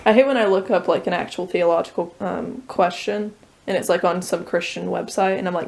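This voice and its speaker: A woman's voice: mid-range voice, fairly quick, creaky, a little mellow. A woman vlogger chatting casually, telling a story with lots of fillers. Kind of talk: casual chat.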